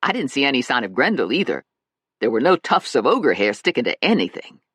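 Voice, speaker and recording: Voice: mid-range voice, very animated, a little fast, a bit bright, slightly rough, dry recording. A narrator voicing a brash, self-assured woman friend in an audiobook, emphatic and dramatic. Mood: sassy.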